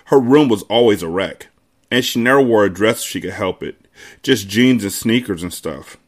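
A man's voice: on the low side, normal speed. A man hosting a podcast, reading a novel aloud and dropping laid-back, conversational asides. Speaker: podcast host.

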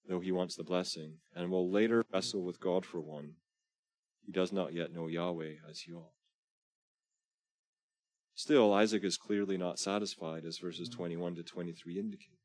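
A man's voice: deep voice, fairly even intonation, moderate pace, a little mellow, no room sound. A man preaching a sermon as pastor, urging his listeners earnestly and reading scripture aloud with rising emphasis. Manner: earnest exhortation.

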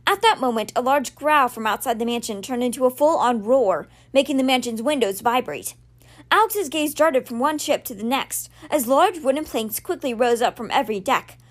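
A woman with a high voice reads a novel aloud, carrying the narration at a steady pace. Her storytelling is lightly expressive and even. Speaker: book reader, podcast host.

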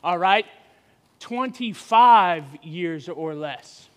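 Man in his forties preaching, high-pitched voice, joking with the crowd, long hall reverb. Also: very slow, smooth. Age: 40s. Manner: joking, energetic crowd banter. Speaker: guest preacher. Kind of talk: sermon with audience interaction. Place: church hall.

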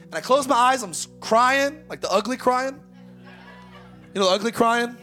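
A man in his thirties preaching a sermon, energetic and exhortative, with humorous asides. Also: extremely high pitch, normal speed, faint music behind. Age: 30s. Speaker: pastor.

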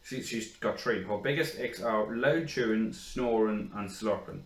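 A man's voice: lowish voice, a little slow, roomy sound, low-quality recording. Crude, joking podcast man. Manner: crude, laughing, acts out others' rants. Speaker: podcast co-host. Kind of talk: casual banter.

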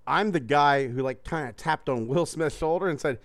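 A man's voice: fairly high pitch, moderate pace, few pauses, dry recording. A man hosting a casual podcast, joking, swearing and laughing often. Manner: profane, joking, laughs a lot. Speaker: host.

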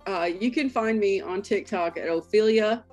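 A woman guest on a casual podcast, hesitant and rambling with many pauses. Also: medium pitch, darkish tone, soft background music.

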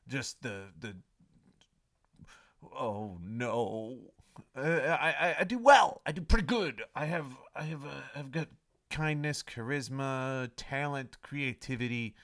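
A man in his thirties hosting a comedy podcast, rambling through a self-mocking intro and swinging from mumbling asides to loud melodramatic pleading. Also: lowish voice. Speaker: podcast host.

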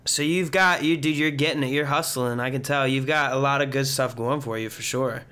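A man's voice: mid-range voice, steady tone, a little fast, sharp tone, smooth. A young man hosting a podcast interview, upbeat and encouraging, calling his guest dude. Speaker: podcast host. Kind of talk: casual interview chat.

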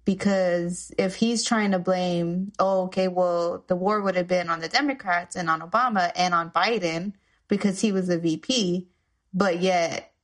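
A woman co-hosting a casual political chat podcast, laughing often and jumping in with quick remarks. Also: fairly low pitch. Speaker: podcast co-host.

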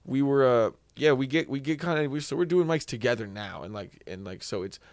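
A man at an ordinary mid pitch tells a comedy story in relaxed podcast talk. He stumbles through restarts and fillers and keeps laughing at himself. The recording is dry and close-miked. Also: fairly quick, no room sound. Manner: laughs at his own stories. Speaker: comedian guest. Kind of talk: casual podcast chat.

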